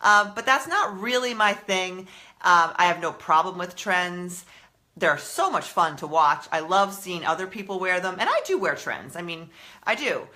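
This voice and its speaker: Woman host, casual live-stream chat, rambling and slightly out of breath, clear bright tone. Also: lowish voice, lively intonation, normal speed. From Massachusetts, US. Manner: chatty, rambling, self-interrupting. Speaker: style blogger hosting a live stream.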